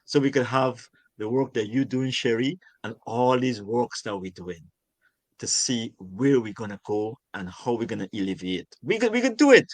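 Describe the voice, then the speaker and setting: Older man from Guyana, interview guest; passionate, emphatic, repeats himself for stress; medium pitch, dry recording. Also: expressive, normal speed, dry recording. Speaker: urban farmer and guest. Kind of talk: conversational interview.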